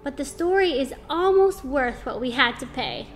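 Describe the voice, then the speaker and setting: A woman's voice: sits high, expressive, moderate pace, faint music behind. A woman reading aloud, voicing a cheerful farm mother who teases in a light-hearted way. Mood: sweet.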